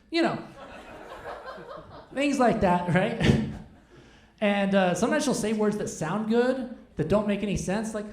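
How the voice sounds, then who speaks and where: High-voiced rambling stand-up comic. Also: male voice, expressive, normal speed, pauses often, darkish tone. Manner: rambling, self-deprecating, chats with the audience. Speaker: stand-up comedian. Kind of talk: stand-up comedy set with crowd work. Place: comedy club stage. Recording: echoey live room.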